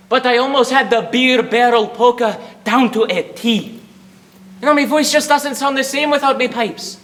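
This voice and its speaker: A man's voice: extremely high pitch, fairly bright tone. A young man playing a grumbling, self-pitying Scottish shepherd in a put-on Scottish accent, performing a humorous interpretation piece. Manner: ranting, self-pitying, theatrical. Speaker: student competitor.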